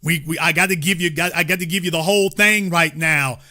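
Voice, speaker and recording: A man's voice: on the high side, fairly even intonation, a little fast, pushed and bright. A man hosting a political commentary show, lecturing his audience emphatically and repeating his key points.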